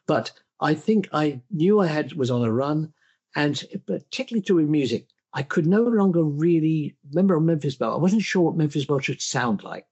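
A man's voice: a little high, lively intonation, a little fast, darkish tone, slightly rough, muffled recording. An older man, an interview guest, reflecting on his career in a thoughtful, self-deprecating way, often restarting his sentences. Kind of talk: reflective conversational storytelling.

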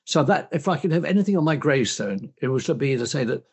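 Older guy, husky voice, thoughtful and self-deprecating, lots of restarts. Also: fairly high pitch, expressive, fast, a little mellow. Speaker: interview guest. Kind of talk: reflective conversational storytelling.

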